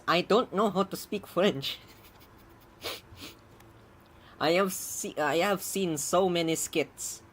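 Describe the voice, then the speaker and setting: A programmer streams their own coding with casual commentary, rambling, chuckling and muttering while debugging as a keyboard clacks behind. The voice is medium-pitched and a bit bright, moving slowly with long pauses.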